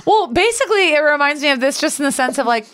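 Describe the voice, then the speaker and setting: A woman co-hosting a podcast in casual chat, an animated storyteller who acts out the dialogue she quotes. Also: sits high, fast, slight background noise. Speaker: podcast co-host.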